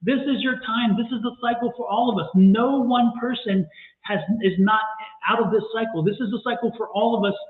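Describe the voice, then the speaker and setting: A man's voice: high-pitched, a little fast, reverberant, narrow, tinny audio. A man co-hosting a live tarot reading stream, giving repetitive, preachy motivational advice to viewers. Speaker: tarot reader and co-host.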